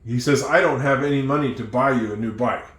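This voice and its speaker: Animated man telling a story in an echoey room. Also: medium pitch, a little fast. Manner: animated storyteller acting out characters. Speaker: English teacher. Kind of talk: storytelling lesson.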